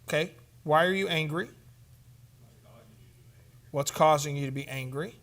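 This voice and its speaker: A man with a high voice leads a church conference session. He talks emphatically, pauses to quiz his listeners, and slips into short acted counseling dialogues as examples. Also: a bit bright. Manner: emphatic, asks the room questions, acts out sample counseling dialogues. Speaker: conference teacher on biblical counseling.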